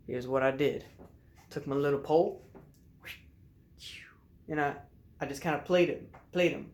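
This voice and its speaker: A young man casually telling a fishing story to the camera from his messy room at home, in a laid-back drawl with loud shouted bursts as he acts it out. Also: on the high side.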